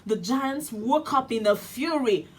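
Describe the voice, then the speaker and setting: A woman's voice: fairly high pitch, lively intonation, a little slow, breathy edge. A woman with a Nigerian accent, a children's radio host reading a storybook aloud expressively. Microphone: studio radio mic.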